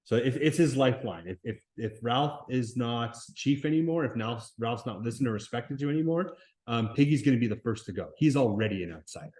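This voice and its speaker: A man's voice: mid-range voice, animated, darkish tone. Man reading a novel aloud to a class. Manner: plain reading voice, with restarts and pauses to explain. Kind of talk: classroom read-aloud with commentary.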